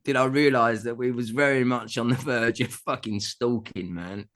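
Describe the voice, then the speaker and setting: A middle-aged man tells a long story in a relaxed chat. His voice rises and falls a lot as he acts out what people said. He laughs often as he talks. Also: mid-range voice, moderate pace. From England. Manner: animated anecdote telling with laughs and acted-out quotes. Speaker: guest musician. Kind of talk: casual storytelling.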